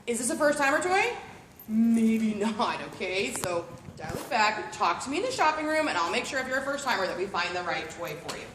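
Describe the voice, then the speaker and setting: A woman's voice: on the high side, a bit bright, a little hiss or hum. A woman working as a party sales consultant, giving a playful, chatty live product demo to a group of guests at a home party. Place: living room at a home party. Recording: roomy room recording.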